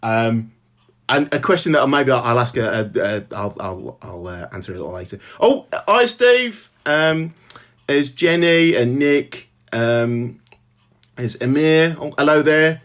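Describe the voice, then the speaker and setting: A middle-aged man with a Brummie accent chats casually into his laptop at home, in a voice of middle pitch. His speech halts often, full of ums, restarts and friendly greetings to viewers by name. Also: lively intonation, a bit bright. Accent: Birmingham. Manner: halting, filler-heavy, greets viewers by name. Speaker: author hosting a live stream. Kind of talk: casual live-stream chat.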